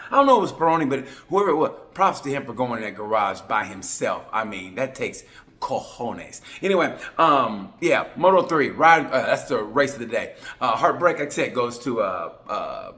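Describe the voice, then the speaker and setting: Man, oklahoma accent, comedic sports commentary, rambling, jokey, sudden loud bursts. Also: mid-range voice, sing-song, moderate pace. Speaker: comedic race reviewer.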